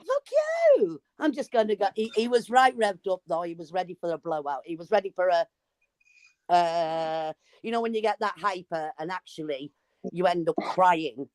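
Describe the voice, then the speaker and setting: A woman's voice: lowish voice, no room sound. Chatty woman, dry sound. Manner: animated storytelling, swears freely. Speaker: live stream guest. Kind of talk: casual chat.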